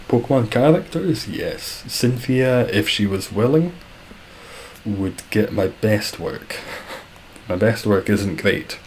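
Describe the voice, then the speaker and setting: A man's voice: on the low side, lively intonation, takes it slowly, darkish tone, a little hiss or hum, rough recording. A Scottish man chatting casually on a live stream, reading out viewer comments with dry, self-deprecating humour. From Scotland.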